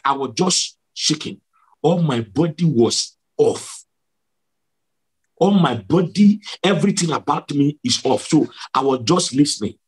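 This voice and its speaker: A man preaching a dramatic testimony, pressing each point by saying it again and again. His voice sits high and leaps around in pitch. It has a husky grain to it. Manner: emphatic, repetitive, dramatic storytelling. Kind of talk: sermon testimony.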